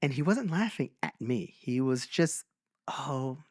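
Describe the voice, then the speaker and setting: A man co-hosting a podcast, telling stories in a casual chat and slowing down for emphasis. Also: mid-range voice, no echo, studio quality. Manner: animated storyteller, slows for emphasis. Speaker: podcast co-host.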